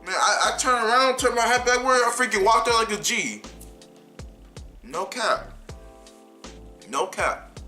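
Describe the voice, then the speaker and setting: Young man ranting with a bright edge. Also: very high voice, measured pace, long pauses, faint music behind. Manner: heated, animated, repeats himself. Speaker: vlogger telling a story. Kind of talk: casual storytime rant.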